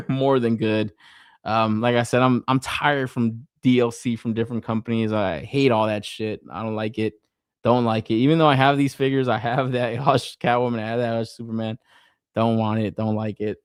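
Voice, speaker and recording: Casting: man, 30s, animated podcast host with a swinging pitch, heavy swearing, dry close mic. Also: no echo. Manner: animated, swears constantly, laughs often. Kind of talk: casual profane toy-collector chat.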